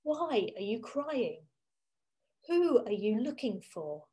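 A woman voicing a gentle, calm adult man, a kind teacher, speaking softly within a dramatic monologue. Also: sits high, a little slow. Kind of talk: first-person dramatic monologue.

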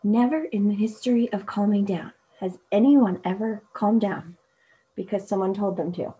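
A woman teacher giving a gentle children's storytime read-aloud, soothing and often dropping into soft whispers. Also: mid-range voice, moderate pace, low-quality recording. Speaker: teacher reading a picture book aloud.

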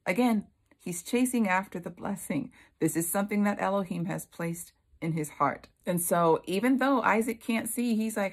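A woman's voice: mid-range voice, moderate pace. A woman leading a Bible study, retelling the story expressively and acting out its characters.

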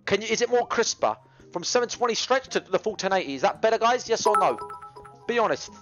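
Brief: male livestreamer, brash rambling chat, animated, dull camera-mic sound. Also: high-pitched, fast, over music. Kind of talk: casual cooking livestream chat. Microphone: GoPro camera mic.

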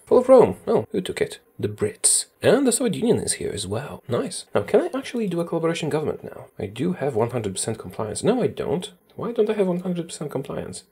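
Man, strategy game commentary, chatty, thinks aloud, warm tone, husky. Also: medium pitch. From Poland. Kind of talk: casual gameplay commentary.

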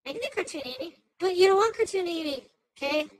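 A woman voicing a hyper, chattering female AI cartoon host who rambles through commentary on a news clip, jumping between shouts and mutters. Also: extremely high pitch, animated, fast talker, a little hiss or hum, rough recording. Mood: excitable.

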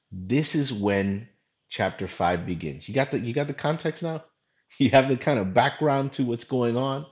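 A male pastor preaching a sermon in a lively, storytelling way with casual slang. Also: medium pitch, muffled recording.

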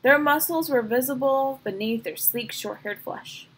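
Woman reading a chapter book out loud, breathy husky voice, steady. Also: sits high, a little slow, rough recording. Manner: steady storytelling. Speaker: reader. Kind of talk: reading a novel aloud.

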